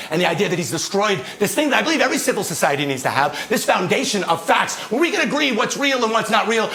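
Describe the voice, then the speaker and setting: A man telling a comic story on stage, animated and shouting his punchlines. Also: sits high, a little hiss or hum. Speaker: solo storyteller comedian. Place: theater stage, live audience. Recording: live show with loud audience laughter.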